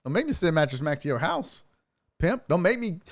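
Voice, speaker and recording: A man hosting a casual streamed sports talk show, profane and excitable, chatting with his viewers. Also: fairly high pitch, a little fast, no echo, clean studio sound. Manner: profane, excitable, talks to chat.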